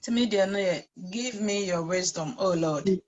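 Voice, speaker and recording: A woman's voice: medium pitch, moderate pace, a little mellow, dull audio. A woman student reading lyric lines aloud in a class.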